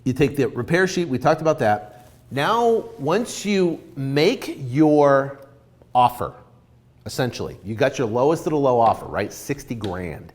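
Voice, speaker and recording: A man coaching in a loose, talky way, his voice swinging high and low as he acts out both sides of a deal. He sits in a mid pitch but never stays flat for long. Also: unhurried. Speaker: real estate investing coach. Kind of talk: informal coaching talk.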